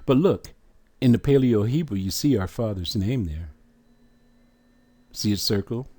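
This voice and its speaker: A man teaches from a chart at a slow, measured pace, pausing often to ask the listener if they follow. His voice sits low. The sound is dry and close, with no room around it. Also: animated, dark tone, no echo. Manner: asks the listener questions, emphatic. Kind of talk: scripture lesson walking through a chart.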